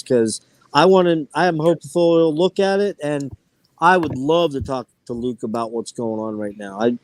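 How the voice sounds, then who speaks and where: Male host, lively storyteller, slightly high pitch, dry close-miked sound. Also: no echo. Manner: animated storytelling, swears freely. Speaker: podcast host. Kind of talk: casual chat.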